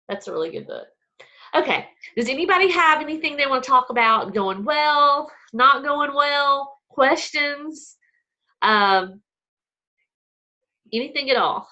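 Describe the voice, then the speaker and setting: A woman's voice: a little high, bright, forceful tone. A woman, casually hosting a live video call for her team, chatty and laughing easily. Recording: dull lo-fi.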